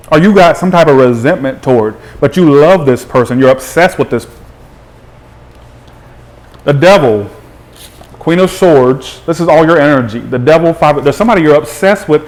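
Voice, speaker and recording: A man hosting a live tarot reading, chatty and animated, greeting viewers by name as he talks. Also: a little high. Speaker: tarot reader.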